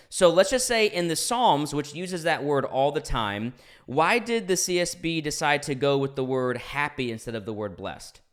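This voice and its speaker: A young man hosts the show, asking questions in an earnest and curious tone. His voice sits a little high for a man, and he often pauses with fillers and corrects himself mid-sentence. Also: fairly bright tone. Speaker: podcast host. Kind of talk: interview questions.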